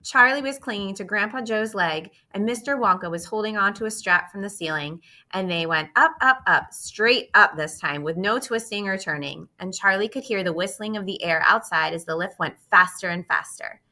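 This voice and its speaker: A woman narrating a children's storybook in an expressive, steady reading voice. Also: medium pitch, moderate pace, few pauses. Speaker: audiobook reader.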